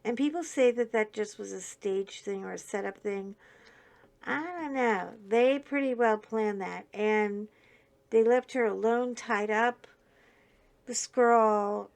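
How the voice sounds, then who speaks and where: Middle-aged lady host, gravelly voice, chatty and dramatic, takes her time. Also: medium pitch, slow pace. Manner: chatty, animated storytelling with emphatic outbursts. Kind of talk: casual chat while coloring.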